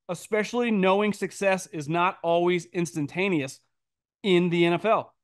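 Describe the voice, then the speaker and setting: A man's voice: no room sound, clean studio sound. A man hosting a podcast, answering listener mail in blunt, emphatic, opinionated casual commentary, often restarting words. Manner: blunt, emphatic, mocking quoted voices in a high pitch; frequent restarts and stammered repeats.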